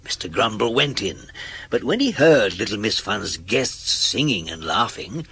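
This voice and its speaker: A man reading a children's storybook aloud in an expressive read-aloud manner. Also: on the low side, a little slow, husky. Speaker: narrator.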